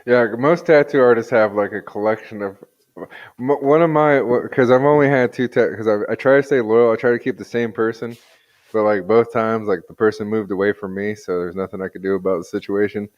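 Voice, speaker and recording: A man's voice: fairly low pitch, fairly quick, muffled recording. A man who is a podcast guest, chatting casually and rambling through anecdotes.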